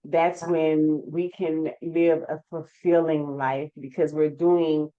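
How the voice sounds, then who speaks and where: A woman's voice: sits low, little pitch movement, slow pace. A woman hosting an interview show, reflective and summing up her guest's words. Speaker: podcast host, life coach. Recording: dull lo-fi sound.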